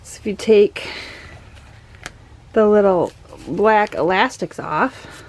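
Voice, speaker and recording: A woman's voice: mid-range voice, slow, darkish tone, low-quality recording. A young woman with a Minnesotan accent chats through a home vlog. She gushes and rambles and leans on fillers as she talks. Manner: chatty and gushing, many fillers. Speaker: vlogger. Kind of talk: casual vlog chat.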